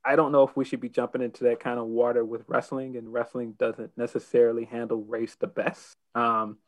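A man co-hosting a casual wrestling discussion podcast, talking in hesitant restarts and fillers that turn animated when he gives his opinion. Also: mid-range voice, fairly quick, low-quality recording. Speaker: podcast co-host.

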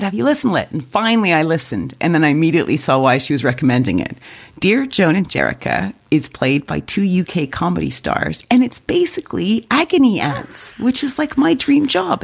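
Casting: husky woman, low and animated, casual podcast co-host. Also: brisk. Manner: lively, chatty. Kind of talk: casual chat.

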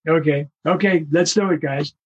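An older man, a veteran voice actor, telling stories in an interview with lively acted-out quotes. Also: on the high side, normal speed, lo-fi sound, a little hiss or hum. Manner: animated anecdotes, acts out quoted voices. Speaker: voice actor guest. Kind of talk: storytelling interview.

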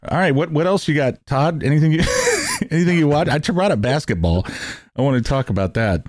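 A man's voice: fairly high pitch, very animated, a little fast, dry recording, clean studio sound. A man hosting a casual podcast chat, rambling and correcting himself as he talks. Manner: rambling, restarts and self-corrections.

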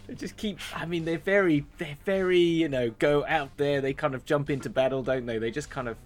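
A man's voice: a little high, a little fast. A man chatting casually while playing a tabletop game, often laughing. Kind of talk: casual chat.

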